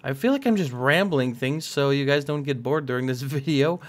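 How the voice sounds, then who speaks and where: A man's voice: mid-range voice, normal speed, hardly any pauses. A young man casually talking through a building game, rambling and poking fun at himself. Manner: rambling, self-mocking and jokey. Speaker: gaming channel host. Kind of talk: casual let's-play commentary.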